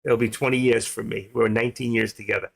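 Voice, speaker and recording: An older man hosting a live trading stream, talking in an excitable, rambling casual way. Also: on the low side, quick pace, creaky.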